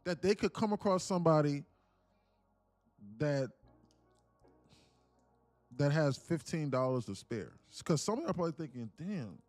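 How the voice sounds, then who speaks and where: A man's voice: on the high side, moderate pace, long pauses, faint music behind. A man hosting a live day-trading stream, chatting casually with viewers, joking and swearing freely. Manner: profane, joking, laughs often, lively delivery. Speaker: livestream day trading host. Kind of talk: casual livestream chat.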